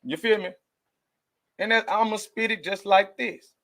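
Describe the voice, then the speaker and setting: A man's voice: high-pitched, fairly even intonation, measured pace, pushed and bright. A man doing casual news commentary for his viewers, rambling and emotional as he talks straight to the audience. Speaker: commentary vlogger.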